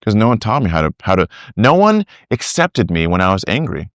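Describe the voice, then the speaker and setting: A middle-aged man with a low voice tells stories animatedly on a podcast. He acts out little quotes and restarts his sentences often. The sound is dry and close. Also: very animated, brisk, no room sound. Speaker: discipleship teacher, guest. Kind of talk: conversational podcast interview.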